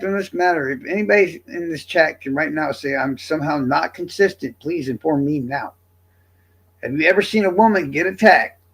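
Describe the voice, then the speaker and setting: A man livestreaming, talking to his chat in a casual, profane, defensive rant that swings between loud and quiet. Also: on the high side, creaky, husky.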